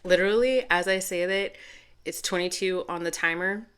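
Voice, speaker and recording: A woman's voice: fairly low pitch, normal speed, a bit bright, clear, resonant tone. A middle-aged woman giving a channeled tarot reading to camera, earnest and rambling, correcting herself as she goes. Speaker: tarot reader.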